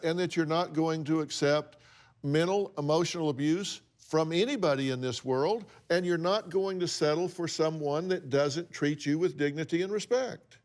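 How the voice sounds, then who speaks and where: A man hosting a talk show, counseling a guest in a blunt, emphatic, lecturing way. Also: fairly high pitch. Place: TV studio with audience.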